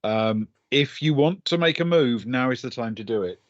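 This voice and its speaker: A man's voice: medium pitch, expressive, moderate pace, no room sound. A man narrating as game master for a tabletop game, chatty and laughing between descriptions, with lots of ums. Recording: dull, dry lo-fi sound.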